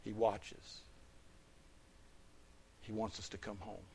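A man preaching a sermon as pastor, rising to loud, emphatic peaks and dropping to soft, low asides, and reading scripture in a slow, stressed cadence. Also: little pitch movement, gravelly, breathy edge.

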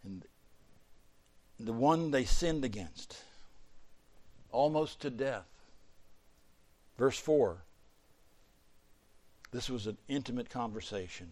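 A man preaching a sermon, swinging between loud fervent peaks and quiet low asides. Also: expressive, slow pace, long pauses.

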